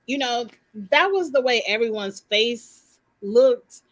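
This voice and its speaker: A woman's voice: a little high, animated, measured pace, fairly bright tone. A woman giving her blunt, opinionated take on a reality show in casual live commentary. She uses slang, swears, and talks straight to her viewers.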